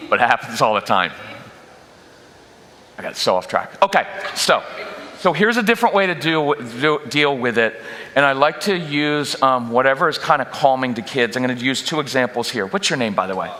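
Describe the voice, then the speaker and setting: A man giving a humorous parenting workshop talk as a guest speaker, lively and jokey, often slipping into quick mock voices of parents and kids. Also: mid-range voice. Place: church auditorium. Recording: long hall reverb in a church.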